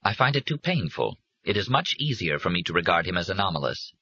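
A man reading aloud, voicing a firm, politically shrewd middle-aged mother who speaks coldly and deliberately. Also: sits low, big pitch swings, pushed and bright, husky, dry recording, lo-fi sound, full character voice. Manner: firm and cold, then quavering.

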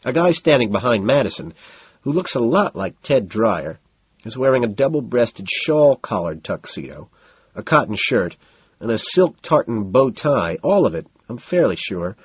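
A male narrator reads a first-person story in a cool, detached way, cataloguing details one after another. His voice is husky but moves lively in pitch. The recording is dry and a little dull. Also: no echo.

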